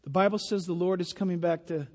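A man's voice: sits high, fairly even intonation, fast. A man preaching a sermon, emphatic and full of stories. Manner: emphatic, storytelling. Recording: long hall reverb.

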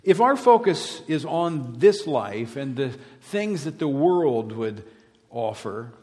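A middle-aged pastor from Louisiana, preaching emphatically and swinging from loud declarations to hushed words. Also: male voice, medium pitch. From Louisiana, USA. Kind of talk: sermon. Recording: reverberant hall.

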